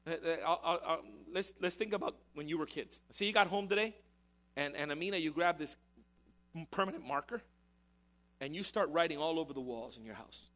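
A high-pitched man delivers a sermon with emphatic, repetitive phrasing. He builds his points through rhetorical questions aimed at the congregation. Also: brisk, fairly bright tone. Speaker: pastor.

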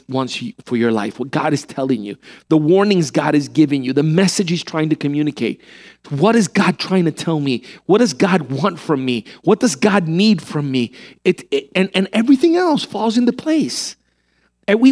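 Guy preaching, high voice, swings up and down a lot, keeps firing off rhetorical questions. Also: normal speed. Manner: animated, full of rhetorical questions. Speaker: pastor. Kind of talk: sermon.

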